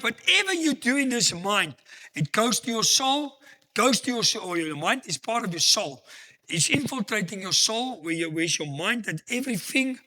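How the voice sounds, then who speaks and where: A man pastor preaches with lively, emphatic delivery, asking rhetorical questions and telling anecdotes. His voice sits high for a man and sounds bright and forceful. His pitch swings widely as he presses his points. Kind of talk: sermon.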